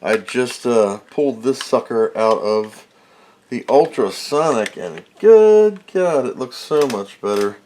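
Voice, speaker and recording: A man's voice: lowish voice, measured pace, a little mellow, a little hiss or hum. A man hosting his own electronics repair videos, talking casually and self-mockingly as he works at a repair bench. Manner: rambling, self-mocking, mutters while working. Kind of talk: casual workbench narration.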